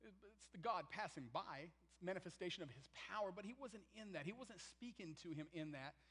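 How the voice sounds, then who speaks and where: A man preaching a sermon, swinging from loud, emphatic passages to near-whispered ones and acting out the quotes he reads. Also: high-pitched, lively intonation, brisk, husky, rough recording. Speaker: pastor.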